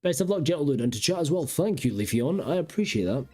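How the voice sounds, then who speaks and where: A man in a casual live stream, thinking aloud and rambling to his viewers. His voice sits a little high with a mellow, soft-edged tone. Faint game music runs underneath. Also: sing-song, fast.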